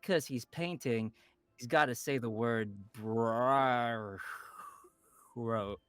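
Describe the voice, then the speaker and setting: A man's voice: mid-range voice, very slow, fairly bright tone, clean tone. A man guesting as a voice actor in casual online chat, laughing and mocking himself.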